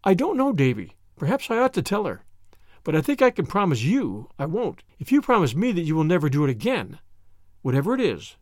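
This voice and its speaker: A man voicing an earnest, kind young woman who is a teacher, in a raised, bright voice from an audiobook reading. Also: on the high side, huge pitch swings, fairly quick, no echo, clean studio sound.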